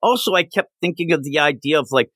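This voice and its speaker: A man's voice: fairly high pitch, quick pace, husky, no echo. A man co-hosting a podcast, chatting casually about comic books and acting out the characters' lines as he goes. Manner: animated, acts out quoted characters. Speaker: podcast co-host. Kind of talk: casual comic book review chat.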